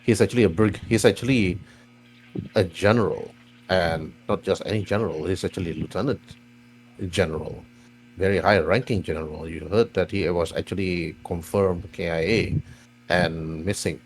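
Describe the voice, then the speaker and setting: A man's voice: low-pitched, normal speed, a little hiss or hum. A man narrating a tabletop role-playing game as game master, with meandering, restart-filled phrasing.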